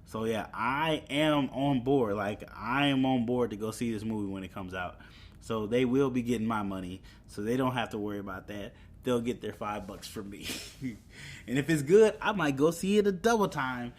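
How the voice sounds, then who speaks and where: A man's voice: medium pitch, moderate pace, slight background noise. A young man hosting a solo podcast, chatting casually about movie news with fillers and chuckles. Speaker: podcast host.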